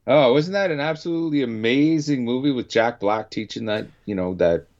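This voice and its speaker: A man's voice: medium pitch, brisk, a little mellow. A Canadian man hosting a radio show, chatting casually and rambling with many restarts. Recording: dull lo-fi sound.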